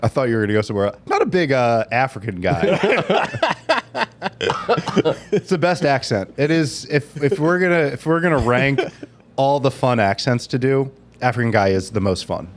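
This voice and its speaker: A man's voice: medium pitch, lively intonation, normal speed, pauses often, slight background noise. A man musing playfully and laughing in a casual comedy podcast chat.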